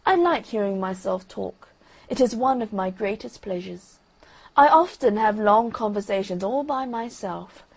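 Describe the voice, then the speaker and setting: A conceited male firework rocket holds forth in a grand, self-admiring tone, as a woman puts him on. The voice is gravelly and husky, at a middle pitch. It is a storybook figure who talks down to everyone around him. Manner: pompous, self-admiring, loud declaiming. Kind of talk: bedtime story reading.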